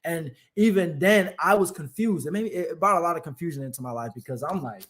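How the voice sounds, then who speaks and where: High-voiced, animated young man, podcast guest. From Atlanta, United States. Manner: animated storyteller, fast bursts, laughs easily. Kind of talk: casual podcast conversation.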